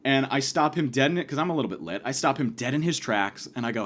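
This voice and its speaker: A man hosting a podcast, telling a rambling, profane comic story in a casual, animated way. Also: medium pitch, a little hiss or hum. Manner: profane, rambling, fast, lively delivery. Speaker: podcast host.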